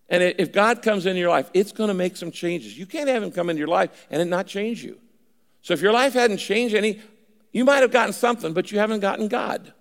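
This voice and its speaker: A man's voice: high-pitched, vocal fry, in a large hall. An older man preaching a sermon in a conversational way, at times voicing imagined listeners. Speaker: pastor.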